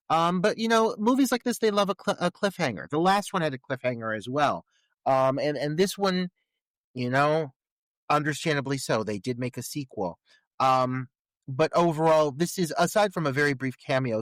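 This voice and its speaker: A man talks through a film on his podcast in a loose, candid way, with crude jokes and plenty of hesitant pauses while he searches for words. The sound is dry and close, with no room around it. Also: mid-range voice, fairly bright tone, no echo. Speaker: podcast co-host. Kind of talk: casual film commentary chat.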